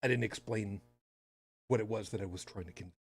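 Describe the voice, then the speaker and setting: A man's voice: lowish voice, a little fast, slightly rough, no echo. A man hosting a podcast in casual chat, talking with sarcastic, rambling asides. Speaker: podcast host.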